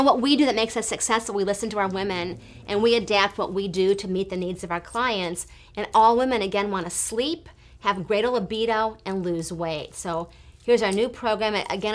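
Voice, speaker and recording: Brief: woman in her fifties, clinic owner, chatty enthusiastic storyteller, mid-pitched voice. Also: fairly bright tone. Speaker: hormone therapy clinic owner and educator. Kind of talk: direct-to-camera talk.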